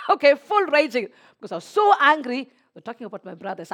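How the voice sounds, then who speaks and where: A woman delivers a sermon in a high voice with a wide, animated pitch range. She swings between hushed, almost whispered passages and loud, excited exclamations. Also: fast talker. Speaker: preacher.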